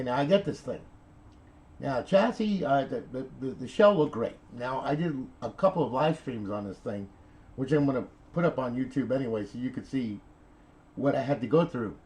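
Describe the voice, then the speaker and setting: A man's voice: mid-range voice, expressive, moderate pace, a little mellow, poor audio. A middle-aged man telling a console repair story in a chatty, rambling way, checking in with okay and all right as he goes. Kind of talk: rambling casual video talk.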